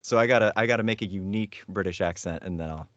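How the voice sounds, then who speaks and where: A man's voice: deep voice, quick pace, fairly bright tone, highs cut off. A male voice actor chatting as a guest in an interview, hesitant and rambling with many fillers. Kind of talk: casual interview chat.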